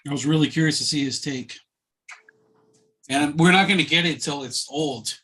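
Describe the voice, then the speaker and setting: A man's voice: on the high side, normal speed, pushed and bright, breathy edge. A man co-hosting a casual chat, asking wry, teasing questions. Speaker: podcast co-host.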